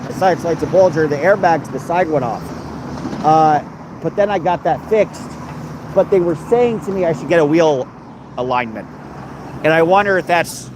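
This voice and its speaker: Crude, joking man streaming outdoors. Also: on the high side. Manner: crude joking, mock-threatening banter. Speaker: livestream host. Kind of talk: casual livestream chat, reading comments. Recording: noisy outdoor background.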